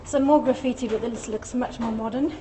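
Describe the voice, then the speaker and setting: A woman's voice: fairly high pitch, steady tone, fairly quick. A woman hosting a phone live stream, chatting and answering viewer comments as she walks and climbs stairs. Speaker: livestream host. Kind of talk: casual live-stream chat. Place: outdoors then climbing a stone stairwell. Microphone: phone held in hand. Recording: noisy street and stairwell sound.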